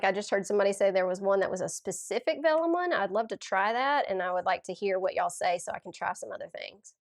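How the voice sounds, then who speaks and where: Chatty Tennessee-accented woman with a cold. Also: mid-range voice. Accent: Tennessee Southern. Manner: chatty, gushing, reads out viewer comments. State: has a cold. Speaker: crafting livestream host. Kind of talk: casual livestream chat while demonstrating card making.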